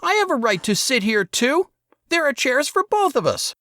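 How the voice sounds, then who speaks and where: A man voicing a crying, furious teenage younger brother in an audiobook, with a shrill, tearful voice. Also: big pitch swings, moderate pace, sharp tone, no room sound, clean studio sound, heavily acted. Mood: whiny, accusing.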